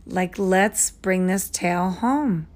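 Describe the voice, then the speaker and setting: A woman hosting a podcast, rambling through tangents as she processes her thoughts out loud into her phone. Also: on the low side, takes it slowly. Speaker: podcast host and online English tutor. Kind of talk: rambling spoken-aloud voice memo. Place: home, Minnesota.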